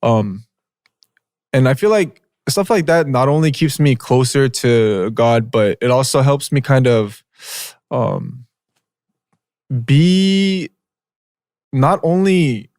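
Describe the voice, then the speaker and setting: A man's voice: medium pitch, animated, slow, pauses often, darkish tone, dry recording, clean studio sound. A young man co-hosting a podcast, telling a story in casual slangy chat with lots of filler words and "bro". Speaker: podcast co-host.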